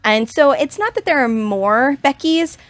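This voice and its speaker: Slow, halting woman game master. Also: high-pitched, animated, no echo, faint music behind. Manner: halting, many fillers. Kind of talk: narrating a tabletop game.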